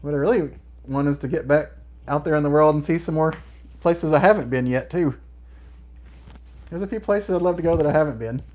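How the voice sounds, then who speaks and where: With a slightly high, a little mellow voice, a middle-aged livestream host speaks briskly but leaves long pauses. Reading out viewer comments, he keeps things casual and laughs frequently between remarks.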